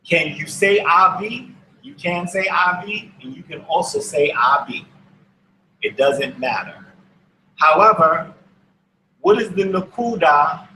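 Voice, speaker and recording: A man's voice: on the high side, pushed and bright, echoey room, slight background noise, low-quality recording. A man teaching a language lesson to an online class, speaking patiently and repeating each word for his students. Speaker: Hebrew teacher. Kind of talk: slow classroom instruction.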